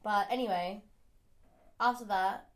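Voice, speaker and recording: A young woman who grew up in Ireland, chatting casually and telling an animated story about her family. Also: medium pitch, measured pace. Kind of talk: casual chat.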